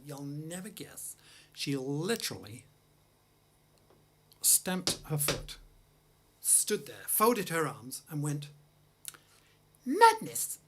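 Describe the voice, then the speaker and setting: A man's voice: a little high, a bit bright, breathy edge. A man from England hosting a music livestream, chatting casually between songs in a studio with self-deprecating, anecdotal humor. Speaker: host and jazz pianist-singer.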